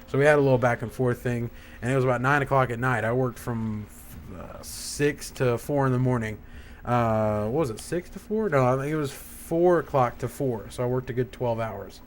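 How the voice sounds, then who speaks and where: A man's voice: mid-range voice, normal speed, a little hiss or hum. A young man hosting a gaming channel, telling a rambling, profanity-laced story in a casual, heated rant.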